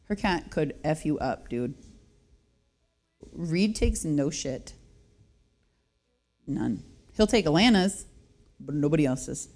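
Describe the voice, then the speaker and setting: A woman's voice: low voice, animated, takes it slowly, long pauses, a little mellow. Chatty woman radio host telling a story. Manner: chatty, self-mocking, laughs often. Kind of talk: casual radio chat, storytelling.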